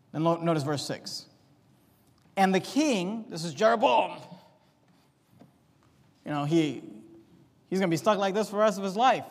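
A man preaching a sermon as pastor, emphatic, swinging from loud to low. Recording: long hall reverb.

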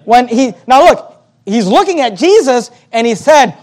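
A man's voice: very high voice, big pitch swings, measured pace, darkish tone. A man preaching a sermon, reading scripture aloud and explaining it in an emphatic, argumentative way. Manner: reads King James scripture aloud, then explains it plainly.

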